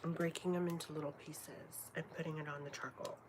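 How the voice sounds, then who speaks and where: This livestreamer, a woman in her late twenties, talks fast in a low-pitched voice while chatting with her viewers. She curses freely and frequently lowers her voice to a whisper, and a steady noise runs in the background.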